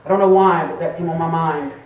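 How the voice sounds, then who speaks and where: A man's voice: on the high side, fairly even intonation, quick pace, lo-fi sound. A man preaching a fervent sermon, calling on listeners by name and rising into a chanted, sing-song delivery. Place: church sanctuary. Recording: echoey church room.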